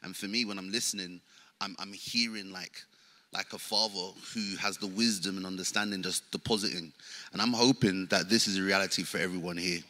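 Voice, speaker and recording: A man's voice: low-pitched, steady tone, brisk, pushed and bright. A man hosting a church gathering, speaking earnestly and from the heart. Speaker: church host. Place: church hall. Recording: live church hall reverb.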